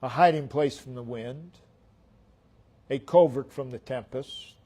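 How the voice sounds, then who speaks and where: A man preaching a sermon, repeating phrases in a rhythmic cadence, his voice swelling for emphasis and then dropping almost to a hush. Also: medium pitch, unhurried. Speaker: pastor.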